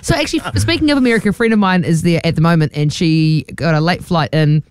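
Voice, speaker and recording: A woman's voice: sits low, quick pace, a little mellow, clear, resonant tone. A woman, co-hosting a radio show and telling a story with acted-out quotes. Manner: chatty storyteller, acts out quotes. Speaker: radio co-host. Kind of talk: casual radio chat.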